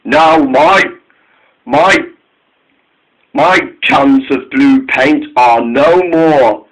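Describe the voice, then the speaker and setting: Man doing a loud, bossy railway boss. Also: mid-range voice, animated, extremely slow, heavily acted, rough recording. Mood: stern.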